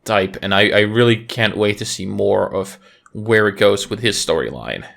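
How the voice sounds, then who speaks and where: A man's voice: on the low side, normal speed, vocal fry, fairly bright tone. A man co-hosting a casual podcast, speaking in a laid-back, agreeable way. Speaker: podcast co-host. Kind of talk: casual podcast chat about video games.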